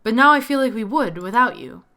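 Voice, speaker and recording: A woman reading the lines of an earnest, gentle man from a game, soft-spoken. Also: a little high, expressive, a little fast. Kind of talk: reading game dialogue aloud.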